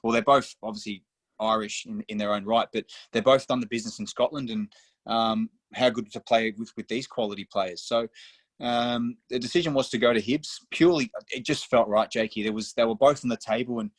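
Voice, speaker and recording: A man's voice: medium pitch, steady tone, a little fast, no echo. A young man from Australia, a footballer guest on a podcast, telling stories casually, swearing freely and calling the host mate. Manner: swears freely, storytelling, says mate often.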